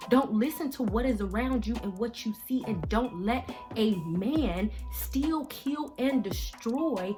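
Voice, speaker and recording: A woman speaking in a fervent, preachy style, delivering faith-based encouragement straight to the viewer. She swings from hushed to loud and drops casual slang into her advice. Faint music plays softly behind her. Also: fairly high pitch, expressive, measured pace, few pauses. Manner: emphatic and preachy, swinging between soft and loud. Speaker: vlogger giving life advice. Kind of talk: faith-based motivational talk.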